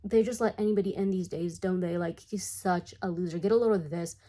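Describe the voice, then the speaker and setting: A smug cartoon bully boy who mocks the new kid in a condescending drawl, as a woman puts him on. The voice stays mellow and fairly low. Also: brisk, close to an everyday voice. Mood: sneering. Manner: mocking, condescending. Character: sneering bully schoolboy, smug leader.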